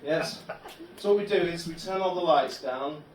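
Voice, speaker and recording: A male stand-up comedian, telling absurd tales in a deadpan way. His voice sits fairly high. It rings around a roomy club space, caught from a distant mic. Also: moderate pace, background noise. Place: comedy club bar room.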